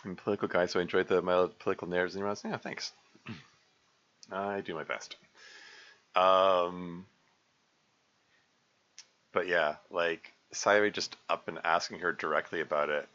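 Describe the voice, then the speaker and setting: A man's voice: sits low, steady tone, normal speed, pauses often, sharp tone. A man giving casual live commentary as a game developer, rambling and hesitant. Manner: rambling, hesitant, many fillers. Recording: dull lo-fi recording with faint music.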